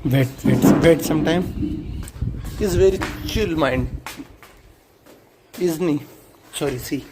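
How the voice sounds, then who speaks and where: A man with an Indian accent, vlogging casually at home in broken English, playful and excitable, often laughing. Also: on the high side, takes it slowly, heavy background noise. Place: home room.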